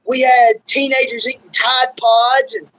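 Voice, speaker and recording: Speaking in an extremely high, fairly bright voice with a level tone and unhurried pace, a young Kentuckian with a Southern accent hosts and conducts a casual interview. He rambles loosely, dropping "like" and "y'all" often, over poor audio.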